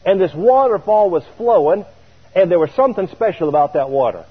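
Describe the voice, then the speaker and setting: A man preaching a sermon, telling a story in an animated way and chuckling now and then. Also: high-pitched, a little fast, breathy edge. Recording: tinny radio broadcast.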